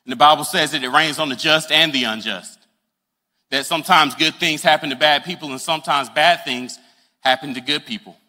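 Bright-voiced, earnest male preacher. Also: on the high side, a little fast, in a large hall. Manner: earnest and conversational, acting out the scenes he describes. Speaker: pastor. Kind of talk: sermon.

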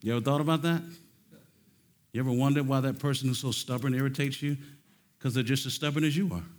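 A man preaching a sermon at a conference, swinging from loud emphatic peaks to low, quiet phrases and firing off rhetorical questions. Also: fast. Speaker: conference speaker. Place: conference stage.

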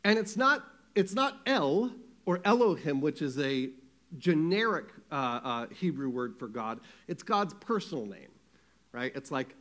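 Male preacher, fairly high voice. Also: very animated, a little slow. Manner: conversational preaching, asks the congregation questions, swings from loud to hushed. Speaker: pastor. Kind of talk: sermon.

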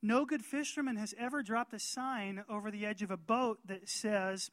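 A middle-aged man preaching a sermon as pastor, emphatic and rising to loud calls for amen. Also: sits high, fairly even intonation, normal speed, hardly any pauses, no room sound.

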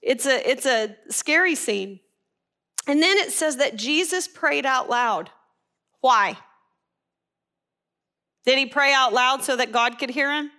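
A woman giving animated Bible teaching, laughing at herself as her voice rises with excitement. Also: high voice, takes it slowly, pauses often.

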